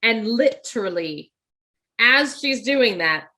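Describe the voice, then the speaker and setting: A woman co-hosting a casual movie talk show, animated and acting out quoted lines as she retells scenes. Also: a little high, slow pace. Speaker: podcast co-host.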